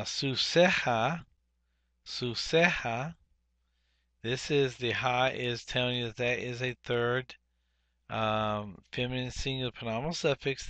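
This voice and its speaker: Slow, bright-voiced male Hebrew teacher. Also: medium pitch, dry recording. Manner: deliberate, repeats each Hebrew word twice, frequent "uh" fillers. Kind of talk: workbook lesson, explaining grammar.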